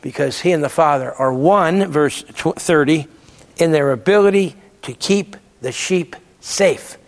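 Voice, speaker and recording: A man's voice: fairly high pitch, measured pace, big-room sound. A man giving a Bible lecture, emphatic and repeating words to stress his points. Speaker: theology lecturer.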